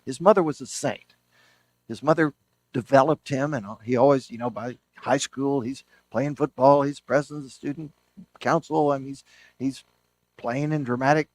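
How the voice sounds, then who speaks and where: An animated man lecturing about history, spinning anecdotes with real enthusiasm and frequent restarts mid-sentence. His voice sits at an ordinary middle pitch, and the sound is close and dry. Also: dry recording. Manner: enthusiastic storyteller, self-correcting restarts. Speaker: historian and author giving a book talk.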